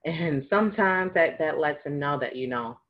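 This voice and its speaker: A woman with a low voice talks through spiritual advice in a loose, conversational way. She laughs easily and acts out small dialogues to make her points. The recording sounds somewhat dull and lo-fi. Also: animated, moderate pace. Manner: chatty, laughs often, acts out little dialogues. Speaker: spiritual advisor. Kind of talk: casual spiritual advice monologue.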